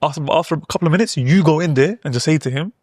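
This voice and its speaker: A man, telling a family story in a fast, animated way on a podcast. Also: a little high, dry recording, clean studio sound. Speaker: podcast co-host. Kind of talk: casual chat.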